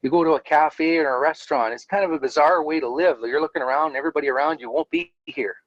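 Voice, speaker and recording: A fast-talking man with a slightly high voice, a former Jehovah's Witness elder, is interviewed and tells his own story in an animated, candid, earnest way, laughing now and then. The recording is dry and lo-fi.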